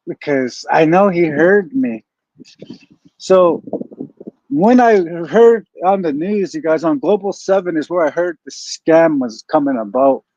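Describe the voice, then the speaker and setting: A man's voice: a little high, darkish tone, dry recording. A man rambling through a profane story to his viewers, often saying "you guys", on a dull lo-fi recording. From Canada. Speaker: streamer. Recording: dull lo-fi dry sound.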